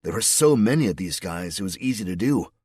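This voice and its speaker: A man's voice: on the low side, brisk, slightly rough, no echo, clean studio sound, pitched above the performer's own voice. Man doing a laid-back surfer-dude soldier. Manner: relaxed surfer drawl.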